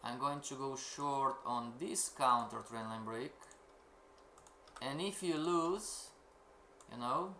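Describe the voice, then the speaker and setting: A man delivers a live-streamed trading lesson in slow, deliberate English that is not his first language. His voice is bright and fairly high, and he peppers the class with rhetorical questions. The room is echoey, with faint keyboard typing behind him. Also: slight background noise. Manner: asks rhetorical questions, keeps calling out "everybody". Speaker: trading course instructor.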